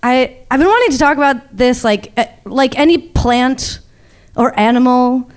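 A woman's voice: high-pitched, expressive, normal speed, smooth. A woman guest in casual chat who laughs often and fills her talk with "like". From United States. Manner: laughing often, many "like" fillers.

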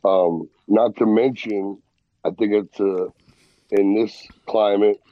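A man's voice: fairly low pitch, fairly even intonation, takes it slowly, no echo, lo-fi sound. A man co-hosting a podcast, talking frankly in casual chat. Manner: frank, calls others bro. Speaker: podcast co-host.

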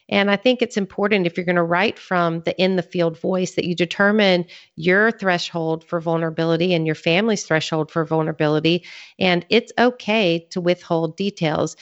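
A woman with a fairly low voice talks earnestly as a podcast guest, working through her points in order. The recording is a little dull and lo-fi, and her delivery stays conversational and teacherly. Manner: earnest, teaching, lays out points in a clear sequence. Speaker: podcast guest, author and ministry leader. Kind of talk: conversational interview talk. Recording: slightly dull lo-fi sound.

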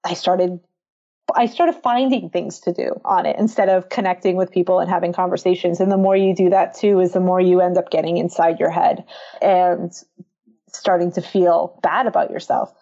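A woman speaks as a marketing consultant guest on a podcast, her voice mellow and warm. She tells animated stories and voices her own thoughts, and the recording sounds a little dull. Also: lowish voice, moderate pace. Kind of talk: casual conversation.

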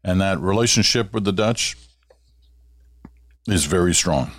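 A man's voice: low-pitched, expressive, a little slow, pauses often, no room sound, studio quality. An older Canadian man hosting a radio talk show, chatting in a storytelling way and reading listener letters. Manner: warm storytelling, reads listener letters aloud. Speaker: radio host. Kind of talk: casual talk radio monologue.

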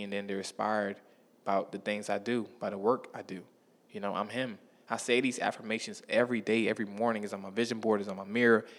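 A man telling stories from his life in a casual, slangy monologue, often checking in with the listener. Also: lowish voice. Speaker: vlogger.

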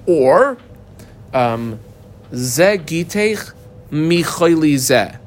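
A man's voice: a little high, lively intonation. A man teaching a daily Talmud class, reading Aramaic phrases and explaining them in English. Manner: explains Aramaic text line by line in English, fast with fillers.

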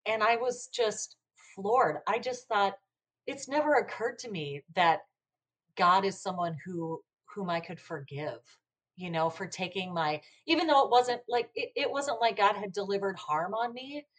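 An American woman speaking reflectively as a podcast guest, often pausing with "you know". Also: medium pitch, a bit bright. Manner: reflective, with frequent you-knows. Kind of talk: conversational interview.

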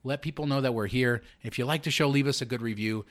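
A man's voice: mid-range voice, quick pace. A man hosting a podcast, reading show announcements and chatting casually with his co-hosts. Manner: upbeat, reads show announcements. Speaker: podcast host.

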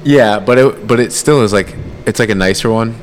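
Hesitant man with a low voice. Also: fairly quick, a little hiss or hum. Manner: hesitant, with restarts. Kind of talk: casual chat.

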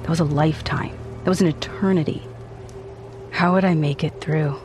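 A man with a high voice reads a dark first-person story aloud. His telling is brooding and theatrical, leaning hard into the tension of each line. Faint music plays underneath. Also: fairly even intonation, normal speed. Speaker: narrator.

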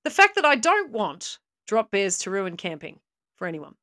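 A woman's voice: medium pitch, sing-song, normal speed, bright, forceful tone, dry recording, clean studio sound. An Australian woman co-hosting a comedy podcast, telling a legend in a mock-serious, tongue-in-cheek way. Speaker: podcast co-host. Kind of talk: comic podcast storytelling.

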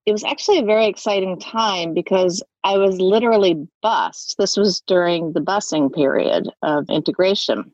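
A woman's voice: mid-range voice, normal speed, few pauses, a little mellow, no room sound, dull audio. A woman guest on a podcast, recording from a closet at home, telling her stories in an upbeat way. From Connecticut. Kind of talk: casual interview.

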